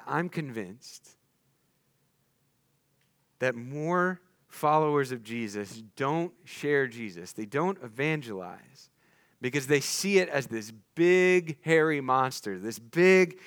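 A man preaching a sermon in a church, earnest and full of rhetorical questions, turning soft and hushed as he prays. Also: on the high side, expressive, measured pace, dry recording, clean studio sound. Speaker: pastor. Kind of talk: sermon with closing prayer.

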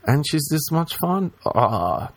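A man's voice: on the high side, big pitch swings, takes it slowly, breathy edge, dry recording. A young man telling a rambling, profane comic monologue. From Ireland. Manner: rambling, profane, mocking asides. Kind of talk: casual stand-up style monologue.

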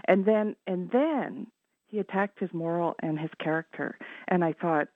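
A woman's voice: on the low side, moderate pace, no room sound. A woman from Canada calling a radio show, chatty and indignant. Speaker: caller. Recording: phone line.

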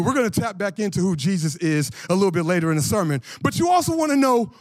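A man in his forties preaching a lively conversational sermon as pastor, slangy and animated, asking the congregation questions. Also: extremely high pitch, fast talker, hardly any pauses, no echo.

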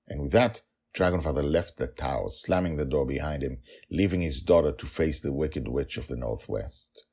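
A man hosting and narrating a daily fantasy story podcast in an animated, chatty way with frequent fillers. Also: extremely low pitch, normal speed, hardly any pauses.

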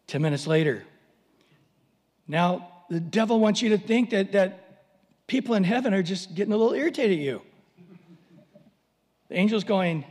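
High-voiced preacher in a big hall. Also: male voice, normal speed, pauses often. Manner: animated storytelling with acted voices. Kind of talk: sermon.

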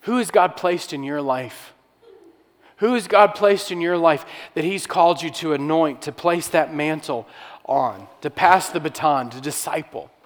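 A man's voice: a little high, measured pace. Man preaching in a reverberant hall. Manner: conversational preaching with restarts, rhetorical questions. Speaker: pastor. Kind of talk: sermon.

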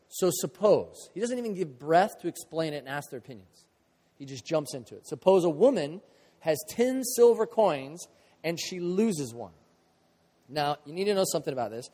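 A man delivers a sermon in a fairly high voice, animated and playful, acting out the voices in his story. His words ring out with the long reverb of a large hall. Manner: animated, acts out quotes with big swings in pitch and volume. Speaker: pastor.

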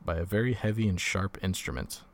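A man reading the lines of a calm, brisk and kindly doctor who speaks in a practical way. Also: deep voice.

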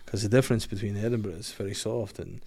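A man's voice: on the low side, fairly even intonation, fast, creaky, darkish tone, breathy edge. A man hosting a casual podcast, joking around, swearing freely and laughing often. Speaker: podcast host.

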